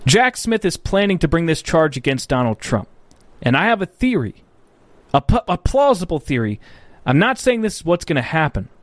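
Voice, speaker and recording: Animated, profane male livestream commentator. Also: fairly high pitch, moderate pace, dry recording. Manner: blunt, profane and rambling, with frequent self-corrections. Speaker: political commentary livestream host. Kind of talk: casual commentary reading viewer chat.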